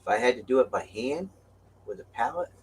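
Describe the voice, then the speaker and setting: An older man casually telling trucking stories to his viewers, animated, swearing now and then and laughing along. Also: mid-range voice, brisk, slight background noise. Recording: distant from the mic.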